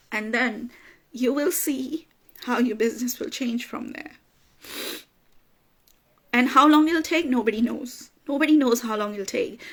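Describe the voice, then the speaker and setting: A woman's voice: a little high, creaky. A woman business coach giving an emphatic motivational talk, repeating phrases for emphasis and getting emotional at times. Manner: gets emotional, laughs through tears.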